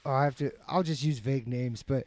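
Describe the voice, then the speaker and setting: A man's voice: mid-range voice, fast, darkish tone, no echo. A young man in casual chat who tells a profane party story, laughing often and acting out the quotes.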